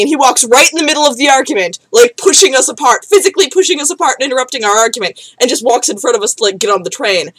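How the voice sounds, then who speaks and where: A woman's voice: high-pitched, fast talker, a bit bright, no room sound, rough recording. A young woman telling a rambling story to camera, with many fillers and frequent swearing. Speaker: vlogger. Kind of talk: casual storytelling.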